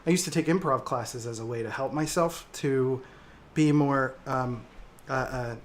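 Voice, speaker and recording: A man's voice: medium pitch, unhurried. A man hosting a casual livestream, reading viewer comments and talking reflectively with frequent hesitations and fillers. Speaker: livestream host.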